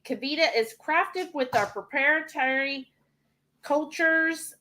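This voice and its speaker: A woman's voice: on the high side, fairly bright tone. A woman co-hosting a live cooking stream, chatting and reading viewer comments aloud. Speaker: cooking show co-host.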